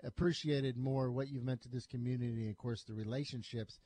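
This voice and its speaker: Mellow-voiced male sports radio host. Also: medium pitch, fairly even intonation, brisk. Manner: easygoing, teases his co-host and reads listener comments. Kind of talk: casual sports talk radio. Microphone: studio microphone.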